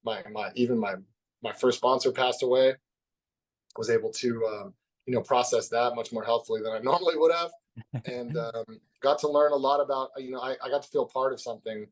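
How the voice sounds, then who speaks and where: A man as a podcast guest, telling a personal story in an open, reflective way that drops soft at the heavy parts. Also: medium pitch, fairly quick. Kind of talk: candid conversational storytelling.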